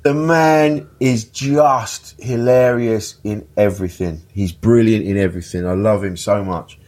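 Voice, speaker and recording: A man's voice: fairly low pitch, measured pace, a little mellow. A man, a podcast guest telling funny stories in casual chat, laughing often and swearing freely. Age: 50s. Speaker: interview guest.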